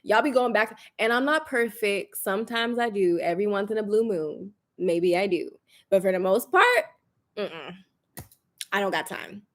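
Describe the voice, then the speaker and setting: A young woman in casual livestream chat, candid and animated, laughing often and swearing casually. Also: medium pitch, measured pace. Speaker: spiritual lifestyle creator.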